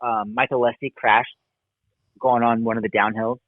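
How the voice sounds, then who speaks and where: A man's voice: medium pitch, moderate pace. A man who is a former motocross racer, telling his career story in a casual, rambling way and often saying "dude" and "like". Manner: relaxed, rambling, says "dude" and "like". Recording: tinny phone-like line, dry.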